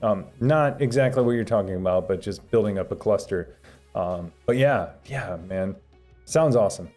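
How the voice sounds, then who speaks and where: A man's voice: lowish voice, normal speed, darkish tone, faint music behind. A young adult man hosting a live stream, reading chat questions aloud and rambling through answers with lots of fillers and restarts. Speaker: livestream host reading chat.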